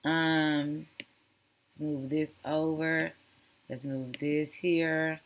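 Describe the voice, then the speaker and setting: A woman's voice: deep voice, level tone, very slow, slight background noise. A woman hosting a casual reaction commentary, chatty and sassy, calling viewers honey and girl. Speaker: commentary channel host.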